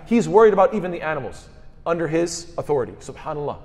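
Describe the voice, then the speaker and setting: A man's voice: on the high side, lively intonation, fast, big-room sound. A man delivering a sermon, asking rhetorical questions and quoting scripture in Arabic. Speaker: speaker at a mosque.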